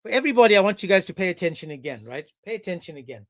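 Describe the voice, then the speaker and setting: A man's voice: high voice, very animated, very fast, fairly bright tone. A man hosting a heated debate, brusque and insistent, repeating his questions over and over. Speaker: host.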